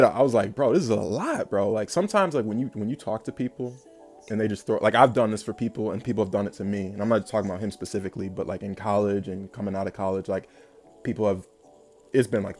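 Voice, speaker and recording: A man's voice: fairly low pitch, a little mellow. Rambling young man telling a story. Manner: rambling, filler-heavy, with bursts of laughter. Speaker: vlogger. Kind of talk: casual storytelling monologue.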